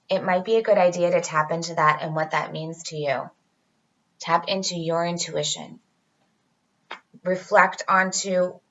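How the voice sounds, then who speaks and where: A woman's voice: lowish voice, fairly bright tone, muffled recording. A woman giving a casual tarot reading to her viewers, chatty and reassuring, talking straight to them. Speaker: tarot reader.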